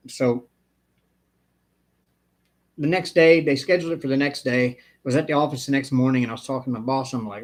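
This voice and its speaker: A man's voice: mid-range voice, fairly even intonation, brisk, pauses often. A man hosting a live stream, telling a long story in a rambling, casual way. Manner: rambling storyteller, acts out the people he quotes. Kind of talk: casual chat.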